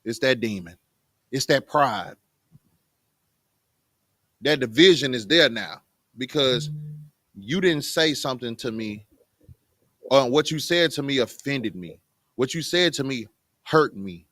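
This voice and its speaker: A man's voice: mid-range voice, lively intonation, unhurried, long pauses, a bit bright, no room sound, clean studio sound. A man teaching a Bible class in plain everyday talk, often putting rhetorical questions to his students. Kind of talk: conversational scripture teaching.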